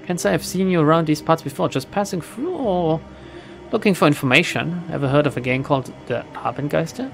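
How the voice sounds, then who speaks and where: A streamer voicing a friendly, nondescript man who deals in rumors, talking in a warm, confiding way. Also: mid-range voice, fairly quick, vocal fry, soft background music, lightly acted. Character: friendly nondescript middle-aged male information dealer. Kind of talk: reading game dialogue aloud.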